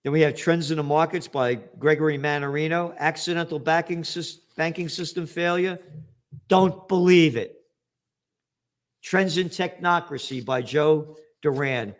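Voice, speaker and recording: A man's voice: a little high, steady tone, normal speed, hardly any pauses. A man in his seventies with a New York accent, giving a blunt, profane, combative commentary monologue as host. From United States. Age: 70s.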